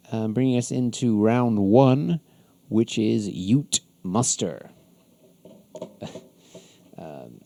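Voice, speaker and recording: A man hosts a podcast, talking through an episode in a loose, rambling recap. His voice is low, gravelly and warm, with frequent ums and soft chuckles. The sound is dry and close to the mic. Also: no room sound. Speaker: podcast host.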